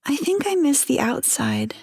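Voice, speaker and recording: A woman voicing a fragile, forgetful young wife held captive, speaking in a soft, breathy, hesitant way. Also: sits high, wildly swooping pitch, a little slow, big-room sound, voice pushed up, full character voice. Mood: wistful. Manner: hesitant, dreamy.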